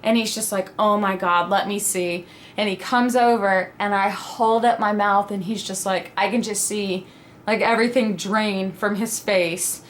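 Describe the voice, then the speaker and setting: A woman's voice: medium pitch, measured pace. A young adult woman recounting a mishap in a casual vlog, voice sitting mid-range. She tells it dramatically, slipping into quoted reactions. A faint hiss of ambient noise sits under her voice. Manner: animated, dramatic retelling with quoted asides. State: pregnant (at the time told). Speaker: vlogger. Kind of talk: casual storytelling.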